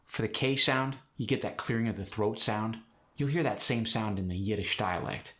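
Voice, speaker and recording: A male accent coach walks through pronunciation rules one step at a time, in a steady teaching tone. His voice sits a little lower than most men's. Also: normal speed. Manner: clear, step-by-step instructive delivery. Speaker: accent coach and channel host. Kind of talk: instructional explanation.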